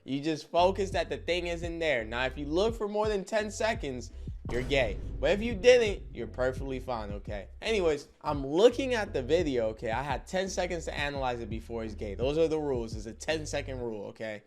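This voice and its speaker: Speaking briskly in a fairly high voice, a young man recounts a story for his casual vlog. He's animated and slangy, often pausing to make sure his audience is keeping up.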